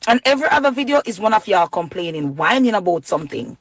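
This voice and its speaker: A Jamaican woman talks straight to the camera, irritated and pleading. Her voice is mid-pitched and dry. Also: big pitch swings, quick pace, no echo, rough recording. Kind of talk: social media video rant.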